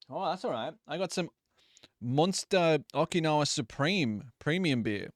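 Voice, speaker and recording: A man's voice: fairly high pitch, animated, a little slow, dry recording, studio quality. A young man streaming a racing game live, chatting casually, swearing freely and apologizing to viewers for audio trouble. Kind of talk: casual live gameplay commentary.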